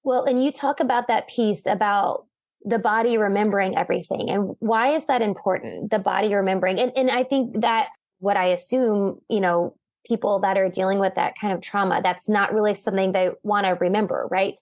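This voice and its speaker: A woman's voice: mid-range voice, fairly quick, no echo. A woman hosting a podcast interview, talking casually with many fillers and affirming her guest. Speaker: podcast host. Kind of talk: interview conversation.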